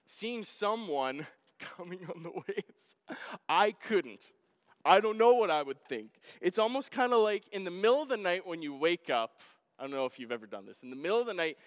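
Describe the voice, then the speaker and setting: A man preaches in a casual, conversational way, now and then asking the congregation questions. His voice is fairly high and smooth, and it carries a long hall reverb. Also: a bit bright. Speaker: pastor. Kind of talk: sermon.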